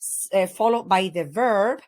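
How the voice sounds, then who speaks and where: A woman's voice: medium pitch, unhurried, darkish tone. A woman explains Spanish word order to learners in English. She speaks patiently and methodically, with a mid-range voice and frequent hesitations as she walks through each example. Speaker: Spanish teacher. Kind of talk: explaining grammar lesson.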